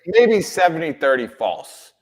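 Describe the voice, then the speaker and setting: A man's voice: fairly high pitch, big pitch swings, normal speed, over a noisy crowd. A man co-hosting a casual veterans' podcast, rambling through a theory and checking in with "right?". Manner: rambling, many fillers like "right?". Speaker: podcast co-host. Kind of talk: casual chat.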